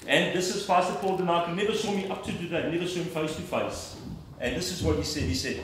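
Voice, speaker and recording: A man's voice: fairly high pitch, brisk, fairly bright tone, distant mic, a little hiss or hum. Earnest man preaching in echoey hall. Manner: earnest, emphatic storytelling. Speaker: lay preacher giving testimony. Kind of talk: personal testimony from the pulpit.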